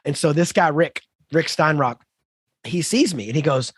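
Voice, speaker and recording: Brief: fifties man, podcast co-host, animated storyteller, higher voice, dry close sound. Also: normal speed, slightly rough, no echo. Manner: animated, lively anecdote-telling with emphatic asides. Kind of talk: conversational storytelling.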